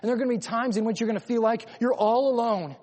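A man preaching an emphatic sermon, rising to urgent loud lines and then dropping to quiet ones. His voice sits high for a man. A long reverb from a large hall trails every phrase. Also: quick pace. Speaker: pastor.

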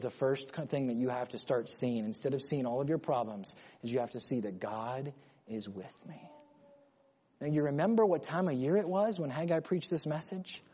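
High-voiced preacher in an echoing hall. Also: male voice. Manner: emphatic, swings between loud urgent lines and quiet low ones. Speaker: pastor. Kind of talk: sermon. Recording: long hall reverb.

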